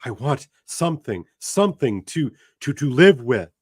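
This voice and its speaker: A man's voice: medium pitch, sing-song, measured pace, a little mellow, slightly rough, no room sound, clean studio sound, pitched above the performer's own voice. A man voicing a grieving young woman, a devoted fiancée who pleads and repeats her words as her emotion breaks through. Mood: grieving, pleading.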